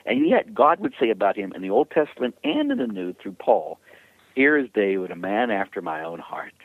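A man's voice: fairly low pitch, sing-song, fairly quick. A man who is a priest and author, speaking as an interview guest in an emphatic, preacherly way. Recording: tinny phone line, dry.

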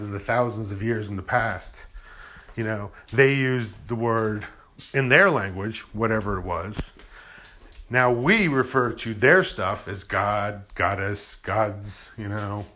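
A man's voice: medium pitch, bright, forceful tone. A man in a casual, rambling spiritual monologue, acting out imagined objections and answering them with "you know" and "I'm like".

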